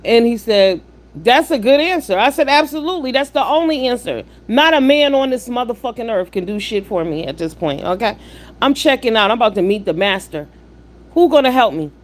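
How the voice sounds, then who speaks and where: A woman runs a live stream and speaks in a voice pitched a little high. She is blunt and profane, preaching at her viewers with rhetorical questions and breaking off to greet people in the chat. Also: lively intonation, brisk. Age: 50s. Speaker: livestream host. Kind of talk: live-stream commentary with chat shout-outs.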